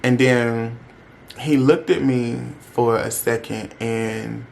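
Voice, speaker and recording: A man's voice: mid-range voice, fairly even intonation, slow, gravelly, darkish tone, a little hiss or hum. Young man telling a candid story. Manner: candid, chatty, uses slang and addresses viewers. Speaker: vlogger. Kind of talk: casual storytime vlog.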